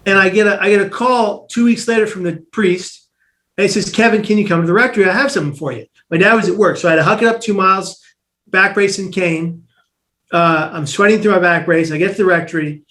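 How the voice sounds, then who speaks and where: A man as an interview guest, telling a personal story in an animated way, acting out the voices of the people in it and often restarting his sentences. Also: sits high, brisk.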